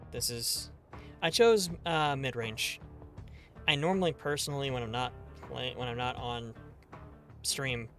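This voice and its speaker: A man's voice: mid-range voice, vocal fry, fairly bright tone. A man streaming a game live, chatting casually and jokingly and greeting viewers as "darling".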